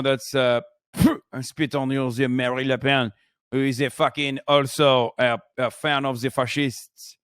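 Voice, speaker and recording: A man's voice: medium pitch, little pitch movement, measured pace, fairly bright tone, clean tone, no room sound, clean studio sound. A man streaming his reaction to a video, ranting animatedly and sarcastically with lots of swearing. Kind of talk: casual profane commentary.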